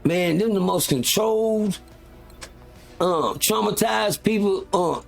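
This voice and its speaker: Man, high voice, gravelly, heated profane rant, rambling with fillers, live-stream host. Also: slow pace, faint music behind. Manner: frequent restarts and filler words.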